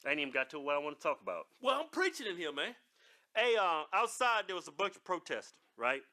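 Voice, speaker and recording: A man in casual comedic banter, teasing and drawling slang in an animated way. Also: a little high, fast. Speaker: comedy commentator. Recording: noisy video clip.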